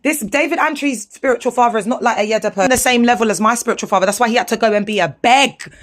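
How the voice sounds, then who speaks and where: A woman, talking straight to her viewers over photos in an indignant, animated commentary, full of slang. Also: fast talker. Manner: animated, indignant, slangy, swings between low asides and high exclamations. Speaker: vlogger speaking out about her former church.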